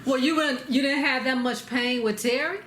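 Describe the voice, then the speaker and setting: A woman interviewing an older relative, asking gentle questions and laughing along. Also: high voice, steady tone, moderate pace, echoey room, a little hiss or hum.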